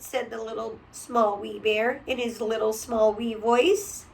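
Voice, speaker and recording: A woman reading a picture book aloud to a child, gentle and often dropping to a whisper. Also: fairly high pitch, level tone, a little slow, creaky, hardly any pauses, far from the mic, a little hiss or hum, rough recording.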